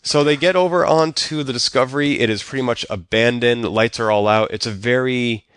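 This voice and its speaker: A man's voice: mid-range voice, moderate pace, fairly bright tone, clean tone, dry recording. A man co-hosting a podcast, recapping a TV episode in casual, joking chat. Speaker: podcast co-host.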